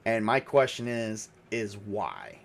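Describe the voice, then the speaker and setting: A man's voice: on the low side, slow, voice pushed down. An earnest survivor man, voiced by a man in a tabletop game, pressing a captive for answers. He talks insistently and reasonably, with a touch of exasperation in his everyday voice. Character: earnest male survivor, cabin owner's ex-husband.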